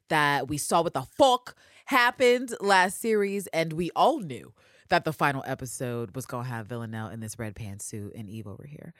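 A woman co-hosting a casual fan podcast, animated, laughing often and swearing freely. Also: extremely low pitch, no room sound, studio quality. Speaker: podcast co-host.

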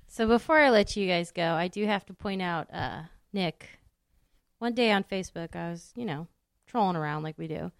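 A woman's voice: fairly low pitch, normal speed, smooth, dry recording, studio quality. A woman hosting a podcast interview, asking questions in a teasing, friendly way. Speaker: podcast host.

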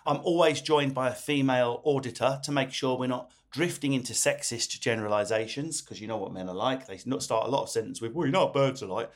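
Jokey Essex man hosting a podcast. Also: mid-range voice. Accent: Essex English. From Essex, England. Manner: quick, jokey banter with playful put-on voices. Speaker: podcast host. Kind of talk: comedic podcast chat.

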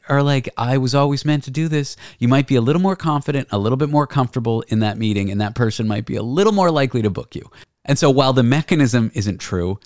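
Smooth-voiced skeptical male host. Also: mid-range voice, dry recording, studio quality. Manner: skeptical, reasoning things out at length. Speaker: podcast host. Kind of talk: casual conversation.

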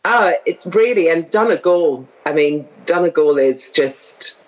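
This guest, a middle-aged woman from London with an English accent, speaks at a measured pace in a low, animated voice. Her casual, chatty talk drifts into tangents and frequent laughter, captured on a rough recording.

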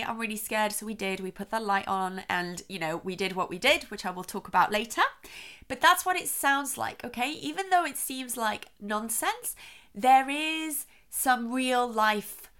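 A woman hosting a parenting podcast, explaining calmly and checking in with her listeners. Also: a little high. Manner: warm, reassuring, checks in with "okay?". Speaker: child sleep expert host.

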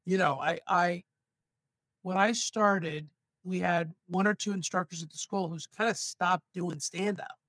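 A male stand-up comedian from Los Angeles, telling stories with animated asides in a casual podcast chat. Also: sits high, a little slow, no room sound. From San Fernando Valley, Los Angeles.

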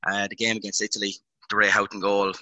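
A man's voice: on the low side, monotone, fast, sharp tone, no room sound, poor audio. A young Irish man in his twenties hosting a casual sports podcast, rambling with lots of ums and uhs. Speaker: podcast host.

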